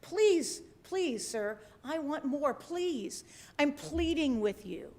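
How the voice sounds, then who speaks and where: A woman's voice: very high voice, very animated, slow, mellow, pitched above the performer's own voice, full character voice. A woman voicing a hungry young orphan boy who pleads for more, in a shaky attempt at an English accent. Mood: pleading. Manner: begging, pleading, repeated please.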